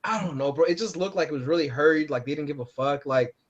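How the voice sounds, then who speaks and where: A man's voice: on the high side, fast. Rambling, cursing man on lo-fi podcast. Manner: profane, rambling, acts out quotes. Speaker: podcast co-host. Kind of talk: casual chat. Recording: dull lo-fi podcast audio.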